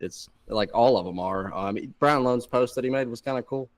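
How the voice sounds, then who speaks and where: A man's voice: mid-range voice, brisk, no room sound. A man co-hosting a casual podcast, laid-back and swearing casually. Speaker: co-host.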